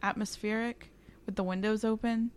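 A woman's voice: on the high side, fairly even intonation, moderate pace, smooth. Chatty woman podcast host. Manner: chatty, laughs often, trails off. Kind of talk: casual storytelling chat. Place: home room with windows open.

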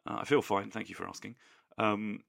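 Hoarse man, low gravelly croak, flat delivery, dry close mic, casual podcast co-host. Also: fairly quick, no room sound. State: hoarse after a sore throat. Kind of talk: casual chat. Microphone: studio podcast mic.

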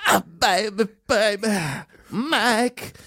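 A man doing a breathy, ditzy pop star. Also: sits high, slow, sharp tone, heavily acted. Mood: flirty.

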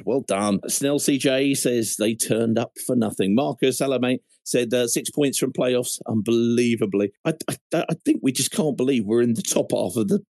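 A man's voice: medium pitch, darkish tone. A man hosts a casual fan call-in show, reeling off listener comments with dry, wry remarks. His voice sits in a middle register, and the sound is dry and close with no room echo. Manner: wry, chatty, self-interrupting, reads comments aloud with dry asides. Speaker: fan podcast host reading listener messages. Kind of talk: casual chat.

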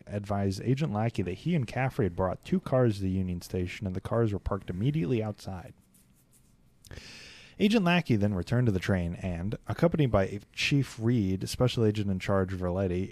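A young man with a lowish voice hosts a history podcast, working steadily through a written account. He breaks off now and then for loose, chatty comments. The sound is dry and close. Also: no room sound. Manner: steady read-aloud with laughing, chatty interjections. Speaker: podcast host. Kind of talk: reading a historical account aloud with casual asides.

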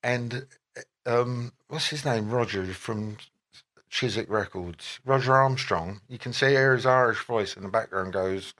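A man, an interview guest telling rambling, animated anecdotes full of quoted voices. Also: mid-range voice, normal speed. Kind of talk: anecdotal storytelling.

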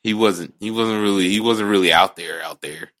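Deep-voiced man rambling in blunt podcast chat. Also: moderate pace, fairly bright tone. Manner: rambling, restarts a lot, blunt and profane. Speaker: podcast co-host. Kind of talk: casual movie chat.

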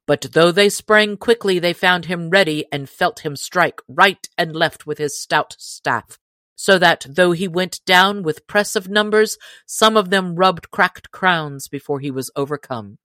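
A woman narrating an old adventure tale in a measured, expressive reading. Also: fairly low pitch, no room sound, clean studio sound. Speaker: audiobook narrator. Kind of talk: storybook reading.

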